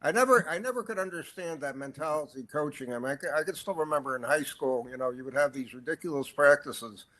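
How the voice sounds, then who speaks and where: A man's voice: on the high side, quick pace, few pauses, pushed and bright. Casual man hosting a sports podcast. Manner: conversational, reacts with short interjections. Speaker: podcast host. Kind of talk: casual interview chat.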